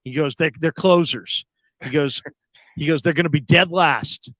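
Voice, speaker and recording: Lively man telling a story in a dry studio. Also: moderate pace, no room sound. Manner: animated, acts out quoted people with sudden loud high outbursts. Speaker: sports radio host. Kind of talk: casual storytelling chat.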